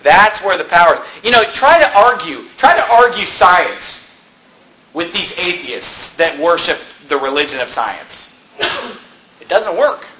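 A man preaching a sermon as pastor, animated and conversational, firing off rhetorical questions to his congregation. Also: sits high, unhurried, roomy sound, background noise. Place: church.

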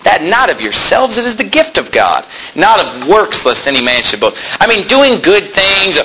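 A man preaching a sermon in a lively, joking way, acting out quoted people in a high voice. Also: moderate pace, few pauses, breathy edge, low-quality recording. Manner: animated, jokey, acts out quoted people in a high voice.

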